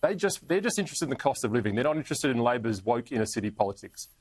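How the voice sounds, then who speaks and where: A man's voice: mid-range voice, big pitch swings, very fast, husky, no echo. An Australian man talking as a politician guest in an interview, chatty, chuckling through his stories and trailing off with fillers. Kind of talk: casual interview talk.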